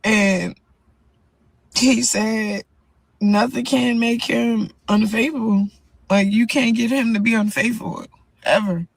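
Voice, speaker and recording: A woman's voice: a little high, steady tone, slow, vocal fry, pauses often, husky, no echo, poor audio. A young woman boxer talking to camera from inside a car before a fight, rambling and earnest, repeating her words. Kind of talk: personal vlog monologue.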